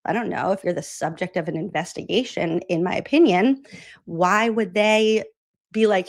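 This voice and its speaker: A woman's voice: mid-range voice, animated, moderate pace. A woman hosting casual political commentary, chatty and opinionated, with lots of "like" fillers.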